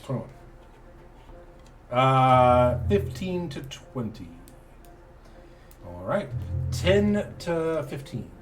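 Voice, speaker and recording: A man running a tabletop game as game master, narrating with many pauses and fillers. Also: medium pitch, sing-song, far from the mic, music in the background. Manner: halting, full of uh and um.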